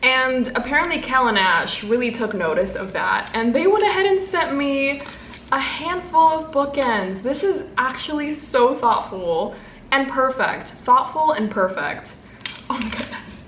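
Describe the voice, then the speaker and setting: A woman in her twenties, a book vlogger, gushing and gasping with excitement as she unboxes gifts. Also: sits high, unhurried, reverberant, slight background noise.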